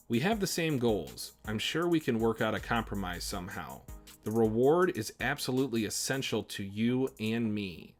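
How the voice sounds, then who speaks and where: A man's voice: fairly low pitch, fairly bright tone. A man hosting a manga reaction, reading the character dialogue aloud and breaking off into chatty remarks.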